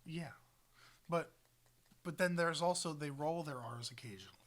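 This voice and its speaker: A man's voice: a little high, moderate pace, a bit bright. A young man co-hosting a podcast in casual chat, explaining things at length and correcting his co-host.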